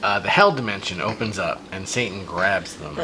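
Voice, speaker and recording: Male podcast host, low voice, very animated pitch, amused storyteller, fillers and restarts, noisy background. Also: moderate pace. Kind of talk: casual comedic retelling of a child's story.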